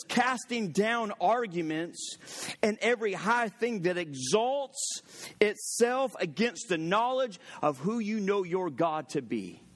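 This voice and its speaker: A male pastor with a notably high voice delivers a lively sermon. He mixes personal stories with scripture and rises in volume for emphasis, a preacher in his late thirties or forties. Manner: animated, storytelling preacher who gets loud for emphasis.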